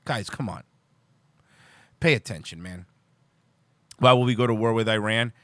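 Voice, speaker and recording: A livestream host rants angrily about politics, heated and exasperated, constantly restarting his sentences. His voice is fairly low and moves at a normal speed, with no room sound in the recording.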